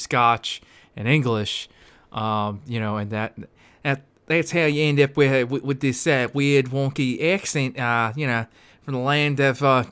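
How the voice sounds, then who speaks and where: A man's voice: medium pitch, a bit bright, clean tone. A man co-hosting a podcast, reading a history book aloud, casual and swearing often. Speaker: podcast co-host.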